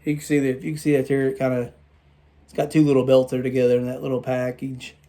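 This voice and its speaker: A tired man rambling through a casual toy review vlog late at night, halting and restarting his sentences. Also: mid-range voice, monotone, mellow. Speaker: toy collector vlogger.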